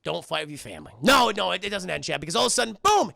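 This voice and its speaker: Creaky, bright-voiced streamer recapping a film. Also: male voice, a little high, very fast, dry recording, studio quality. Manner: animated, profane, keeps addressing chat. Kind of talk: casual film recap to a live chat.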